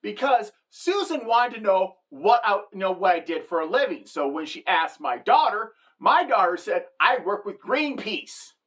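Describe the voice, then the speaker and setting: A middle-aged woman telling a comic story as a monologue, animated and deadpan at the punchlines, jumping into the voices of the people she quotes. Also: mid-range voice, moderate pace, few pauses. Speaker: comedic storyteller.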